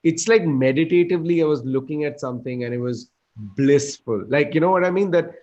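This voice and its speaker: A man chatting casually on a comedy talk show, telling travel stories in quick animated bursts. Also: fairly high pitch, dull audio. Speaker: comedian guest. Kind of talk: casual chat.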